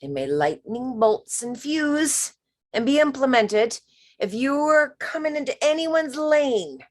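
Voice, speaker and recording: A woman leading a spiritual workshop, talking slowly and emphatically and sometimes dropping to a whisper. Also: sits high. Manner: slow, emphatic, drops to whispers. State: emotional. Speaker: workshop leader.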